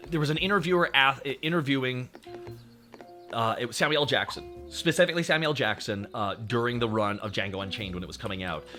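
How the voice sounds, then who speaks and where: A young adult man streaming, ranting casually in a profane, animated way and laughing often. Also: mid-range voice. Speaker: VTuber streamer. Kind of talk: casual livestream rant.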